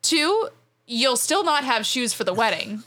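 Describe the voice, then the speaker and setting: A young woman in a casual chat launches into a story with animated speech full of "like" fillers. Her voice is bright and a little tense, and it sits somewhat high. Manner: animated, fast, frequent "like" fillers, laughing as she tells it.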